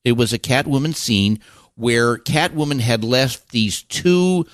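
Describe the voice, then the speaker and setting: An older man, a guest on a podcast, telling animated, rambling stories with many restarts. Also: medium pitch, unhurried, no room sound, studio quality. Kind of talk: casual storytelling interview.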